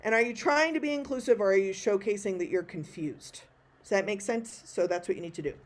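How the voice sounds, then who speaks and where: A talkative woman answers questions from an online audience. She keeps it casual and self-deprecating, with quick asides, and her voice sits in a middle pitch for a woman. It sounds like she is speaking on a video call. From Texas. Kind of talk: live online Q&A talk.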